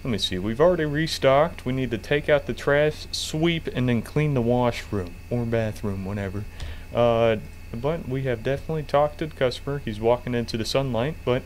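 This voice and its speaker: A man's voice: medium pitch, normal speed, slight background noise. A man playing a game and commenting in a sarcastic, joking way, with casual swearing. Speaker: gamer.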